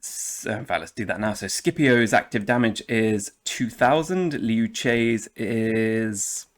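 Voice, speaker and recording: A jokey English man talks through a strategy game with a fairly low voice. He rambles cheerfully in a casual commentary style and slips into playful mock accents now and then. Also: slow pace. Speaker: gaming channel host.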